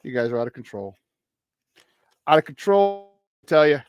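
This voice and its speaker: An animated sports radio host with a fairly high voice, clearly enjoying the banter. He laughs easily and gets fired up over the game. Close, dry studio sound. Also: normal speed, dry recording, dull audio. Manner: animated, laughing, hype-man energy. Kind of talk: casual sports talk.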